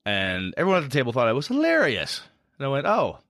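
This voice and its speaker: A man's voice: medium pitch, huge pitch swings, quick pace, fairly bright tone, no room sound, studio quality. A man talking casually on a podcast about running tabletop games, rambling and self-deprecating.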